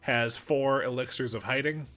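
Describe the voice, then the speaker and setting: Bright-voiced man running a tabletop game. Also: mid-range voice, moderate pace. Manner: casual, helpful, filler-heavy. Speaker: game master.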